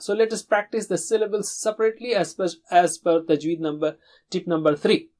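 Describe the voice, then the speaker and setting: A Quran recitation teacher leading a pronunciation drill, modelling syllables and words for students to repeat and correcting common mistakes patiently. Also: medium pitch. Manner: models syllables slowly for repetition.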